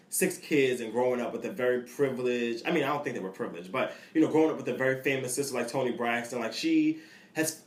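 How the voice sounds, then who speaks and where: Chatty man in an echoey room. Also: mid-range voice. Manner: chatty, blunt, many fillers. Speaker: podcast co-host. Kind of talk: casual chat.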